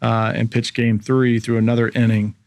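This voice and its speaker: A man around forty, a former baseball pitcher, telling a story as a podcast guest and acting out the voices of people in it. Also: moderate pace, vocal fry, no room sound. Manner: animated storyteller, acts out quoted voices. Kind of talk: casual storytelling interview.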